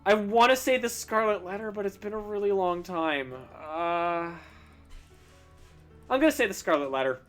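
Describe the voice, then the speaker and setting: Young man, casual stream chat, rambling restarts, bright forceful tone, soft music underneath. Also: high voice, lively intonation, moderate pace. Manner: rambling, stumbling restarts, self-deprecating laughs. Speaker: streamer answering chat questions while drawing.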